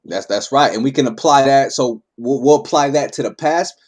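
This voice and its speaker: A man leading a Bible class, reading verses and explaining them in a relaxed, conversational way. He keeps checking in with his listeners by tagging his lines with "man" and "right?". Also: medium pitch, normal speed. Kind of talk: informal scripture teaching.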